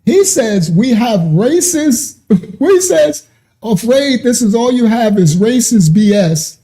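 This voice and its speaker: A man's voice: very high-pitched, animated, measured pace, mellow. A man hosting a ministry channel, reacting to a clip and talking straight to commenters, laughing often.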